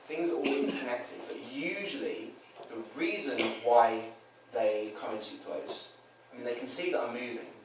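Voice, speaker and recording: A man casually explaining his coaching approach, switching into quoted voices to act out scenes. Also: mid-range voice. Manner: animated, acts out quoted lines in changed voices. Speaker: dating coach. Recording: roomy echo, mic from a distance, faint noise.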